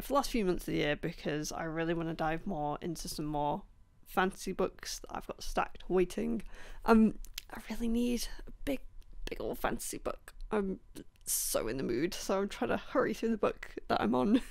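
A woman vlogging about books in a casual, rambling, enthusiastic way, with many ums and a voice going hoarse. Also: medium pitch. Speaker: book vlogger. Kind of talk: casual book review chat.

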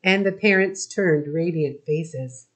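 A woman reading a novel aloud as an audiobook narrator, measured and steady. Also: low-pitched. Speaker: audiobook reader. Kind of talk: scripted narration.

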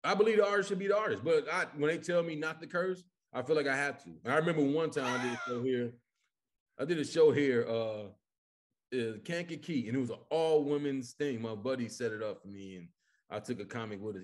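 A man from Chicago, a comedian guest, telling stories in casual podcast chat, animated and full of cursing. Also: mid-range voice, brisk. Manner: animated, profane storytelling.

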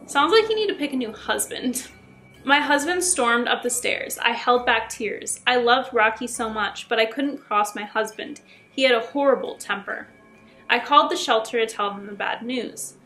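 Woman storyteller, crisp bright tone, a bit high, faint music underneath. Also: moderate pace. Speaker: YouTube storyteller. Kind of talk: reading short scary stories aloud.

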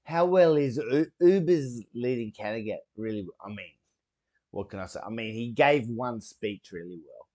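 A man hosting a reaction video, talking casually and excitably and swearing freely as he comments. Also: mid-range voice, normal speed.

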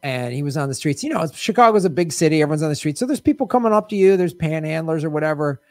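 A man's voice: fairly high pitch, expressive, racing, darkish tone, no room sound, clean studio sound. A man hosting a comedy quiz show, telling a road-trip story with lots of laughter. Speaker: game show host. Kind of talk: casual comedy podcast chat.

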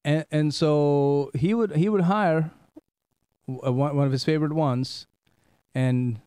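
A middle-aged man from India, hosting a talk show and telling stories in a casual, animated way, often repeating words. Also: fairly high pitch, measured pace, clear, resonant tone, dry recording, studio quality. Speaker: host. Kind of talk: casual storytelling chat.

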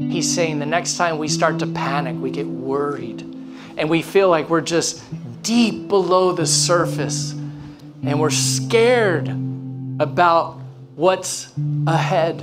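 A man preaching a sermon, telling a story with animation, acting out the people in it and dropping to a hush at times. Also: fairly high pitch, slow pace, loud music behind the voice. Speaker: pastor. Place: church.

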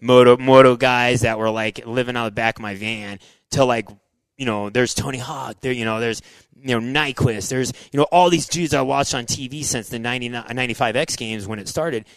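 A middle-aged man spins stories from his racing days with restless energy, tossing "dude" and "like" into almost every line. His voice sits at an ordinary pitch. The recording is dry and close, with no room sound around it. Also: brisk, clear, resonant tone, dry recording, poor audio. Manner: excitable, says "dude" and "like" a lot, acts out his own past thoughts. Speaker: interview guest, former motocross racer. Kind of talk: animated storytelling in casual interview.

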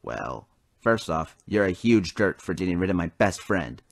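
A man's voice: low voice, big pitch swings, moderate pace, vocal fry, no echo, clean studio sound, exaggerated voice. A man doing a blunt loyal little engine.

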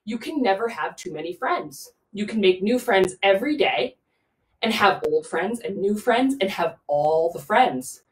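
A woman's voice: medium pitch, lively intonation, unhurried. A woman guiding a children's yoga class, playful and sing-song, talking straight to the kids. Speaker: kids' yoga teacher. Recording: roomy echo, mic far off.

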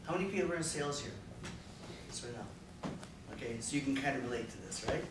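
A man giving a jokey talk on sales to a live audience, lively and slipping into silly voices. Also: mid-range voice, quick pace. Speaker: sales speaker. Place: room with an audience. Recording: echoey room from a distance, faint noise.

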